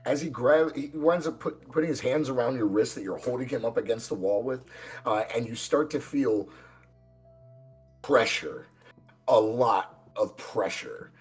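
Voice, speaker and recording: A man's voice: medium pitch, measured pace, slightly rough, soft background music. A man narrating a tabletop horror game as game master, loose and hesitant, with many fillers.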